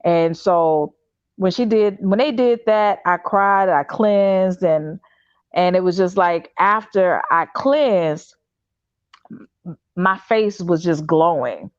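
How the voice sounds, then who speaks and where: Hosting a livestream talk show, a fairly low-voiced Chicago woman speaks slowly through a home video-call setup whose dry sound is a bit muffled and lo-fi. She relates a personal story loosely and animatedly, with many fillers and restarts.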